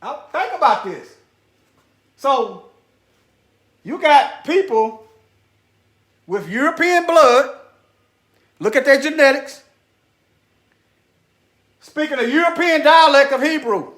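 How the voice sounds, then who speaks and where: A man with a very high, bright, sharp-edged voice gives preachy commentary straight to his viewers. He hammers points home by repeating short phrases and drops into muttered asides while hunting for things on screen. The sound bounces around a roomy, echoey space. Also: expressive, takes it slowly, pauses often. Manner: repeats phrases for emphasis, talks directly to viewers.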